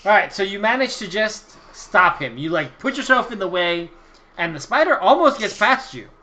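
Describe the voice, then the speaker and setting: A man's voice: high-pitched, very animated, normal speed, pushed and bright. A man narrating as game master of a tabletop role-playing session, laid-back in manner.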